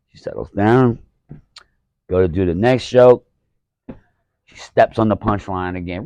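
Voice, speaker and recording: A man's voice: medium pitch, normal speed, pauses often, a little mellow, no room sound, poor audio. A man telling a profane, exasperated story about a show as a stand-up comedian. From Alabama. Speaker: stand-up comedian, podcast host. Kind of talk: casual storytelling rant.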